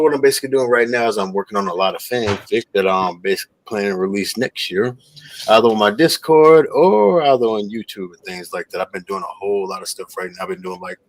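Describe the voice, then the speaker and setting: Laid-back low-voiced man, dry sound. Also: dry recording, poor audio. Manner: laid-back, rambling self-promotion. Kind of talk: casual chat.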